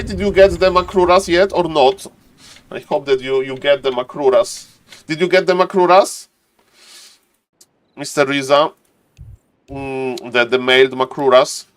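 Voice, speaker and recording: Excitable streamer casting a strategy game. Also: male voice, fairly high pitch. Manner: excitable, repeats phrases, addresses chat by name. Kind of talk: excited live game commentary and chat.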